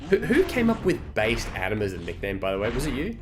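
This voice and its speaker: A man's voice: medium pitch, wildly swooping pitch, fast. A man chatting casually on a live stream, rambling through stories and swearing freely. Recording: game music behind.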